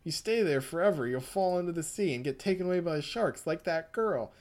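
A man's voice: lively intonation, brisk, a little mellow, close to an everyday voice. A man voicing a starving shipwrecked man who has lost his mind, speaking in a raised, strained, wheedling voice. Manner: wheedling then snapping, high and strained. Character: starving shipwrecked man turned unhinged and menacing.

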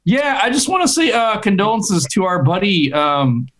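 High-voiced man, offhand. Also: very animated, normal speed, fairly bright tone. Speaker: podcast co-host. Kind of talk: casual chat.

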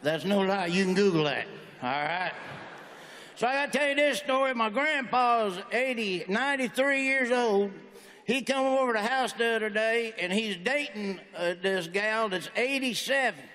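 A man's voice: high voice, lively intonation, normal speed, sharp tone, slight background noise. A middle-aged man with a Southern American accent doing a stand-up routine, drawling through stories and acting out the people in them. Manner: drawling storyteller, acts out characters. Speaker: stand-up comedian. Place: large auditorium on stage. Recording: live hall reverb, faint ambience.

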